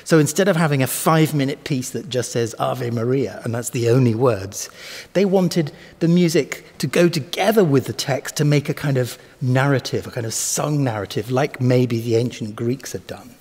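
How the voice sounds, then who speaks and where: A man's voice: medium pitch, normal speed, darkish tone, slightly rough, long reverb tail. A man, a cellist, explaining musical ideas to camera in a thoughtful teaching manner, sometimes speaking words aloud to show their stress. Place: filming space with flickering lights, echoey. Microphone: microphone in front of him.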